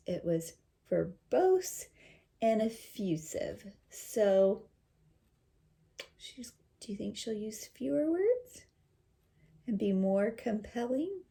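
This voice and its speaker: A woman teacher reading a picture book aloud to children, slowly explaining words and asking questions. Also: mid-range voice, gravelly, warm tone. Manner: slow, explains words and asks listeners questions. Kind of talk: children's read-aloud with commentary.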